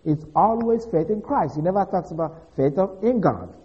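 A man's voice: high voice, lively intonation, moderate pace. A man giving a methodical, explanatory Bible teaching, working through a passage step by step. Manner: methodical, explanatory, with occasional restarts. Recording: dull lo-fi recording.

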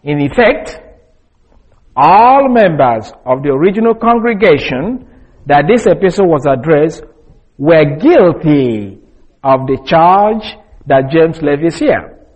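Lively, husky-voiced male Bible teacher. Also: on the high side, rough recording. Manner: deliberate, explanatory, with frequent fillers.

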